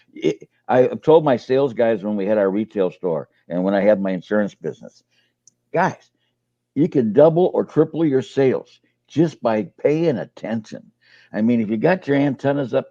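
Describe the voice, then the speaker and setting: A man's voice: fairly low pitch, dark tone, dry recording, muffled recording. An older man and co-host, telling folksy sales stories in a casual webinar chat, often repeating his words. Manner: folksy storyteller, repeats words, uses fillers.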